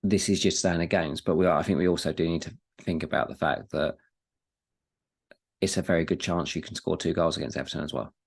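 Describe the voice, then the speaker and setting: This is a man with a very deep, gravelly voice who co-hosts a casual football podcast. He rambles and repeats his words, and drops the odd swear word in easy chat. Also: fairly even intonation, brisk. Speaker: podcast co-host.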